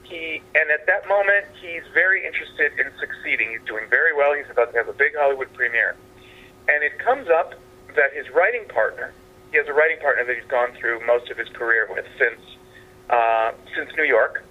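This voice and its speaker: A man who is a playwright and actor, speaking as a guest in a phoned-in interview from a house, halting and meandering, with restarts. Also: mid-range voice, expressive. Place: at his father's house. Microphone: telephone. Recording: tinny phone line.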